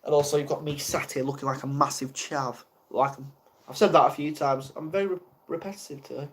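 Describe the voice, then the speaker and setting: A man's voice: fairly high pitch, fairly even intonation, brisk. A young man from the UK chatting casually on a live stream, flustered and rambling, mocking himself as he goes. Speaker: ASMR livestreamer.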